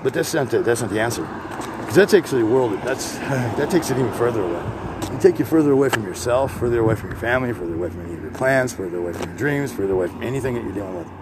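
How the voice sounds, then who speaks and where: A congested man talks as he walks outside, blunt and profane, drifting from complaint into preaching. His pitch sits mid-range for a man. Faint street and vehicle noise runs behind him. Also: lively intonation, fast talker. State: congested, coughing from sinus drip. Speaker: podcast host. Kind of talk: rambling monologue.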